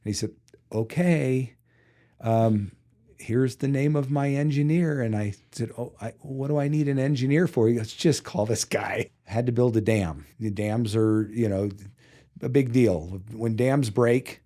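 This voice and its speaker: A man's voice: medium pitch, measured pace, warm tone. A man being interviewed on a podcast, telling a long personal story in a casual way, acting out the dialogue with lots of fillers. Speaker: podcast guest, physical therapy company CEO.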